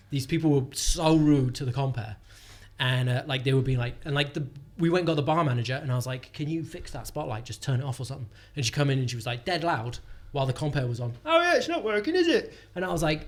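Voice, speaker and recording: A young man, telling a rambling, sweary comedy-gig story in casual podcast chat. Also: medium pitch. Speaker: comedian guest.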